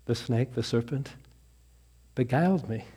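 A male pastor telling a joke in a lively storytelling manner within a sermon. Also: mid-range voice, unhurried, slightly rough. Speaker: Lutheran pastor.

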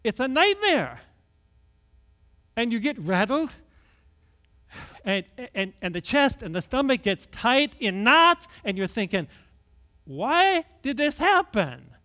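A middle-aged male pastor giving a conversational sermon, sinking to hushed low tones and rising to loud emphasis. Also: very animated, unhurried, pauses often.

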